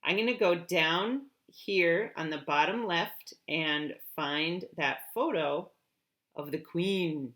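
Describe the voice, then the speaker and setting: Bright-voiced woman teaching an app. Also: on the low side, takes it slowly. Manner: clear, step-by-step, encouraging. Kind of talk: app tutorial for students.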